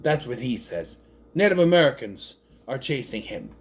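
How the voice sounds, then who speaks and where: Rambling man with a lively voice. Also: mid-range voice, moderate pace. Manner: rambling, self-correcting, thinks aloud with many restarts. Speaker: movie reviewer. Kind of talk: casual spoken movie review.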